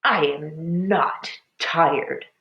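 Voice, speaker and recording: A woman voicing a tired but fierce mother who refuses to stop. She speaks slowly and firmly. The recording sounds dull. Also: on the low side, wildly swooping pitch, roomy sound, heavily acted. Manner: firm, clipped insistence. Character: weary, fierce, determined mother.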